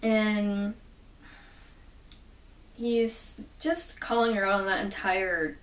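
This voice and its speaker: A woman chatting through a comic book plot and quoting the characters' lines along the way. Her voice sits at an ordinary middle pitch. It comes from some distance off a mic in a roomy, echoing space. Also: steady tone, very slow. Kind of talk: casual plot recap.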